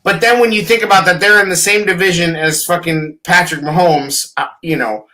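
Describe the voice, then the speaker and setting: A man co-hosting a casual sports talk show who talks in an excited, profane, animated way. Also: sits high, fairly quick, poor audio. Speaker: podcast co-host.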